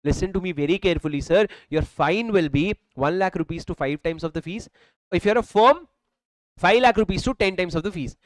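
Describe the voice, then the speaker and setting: A male accountancy law teacher with Indian English and a high voice lectures briskly to a classroom of students, emphatically and repetitively drilling his points and addressing students as sir. He uses a handheld or worn mic, and the recording is dry, close and rough.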